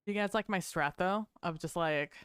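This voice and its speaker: A woman streaming live gameplay, talking to her chat in a profane, excitable way with bursts of laughter. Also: fairly low pitch, moderate pace, smooth, no echo, studio quality.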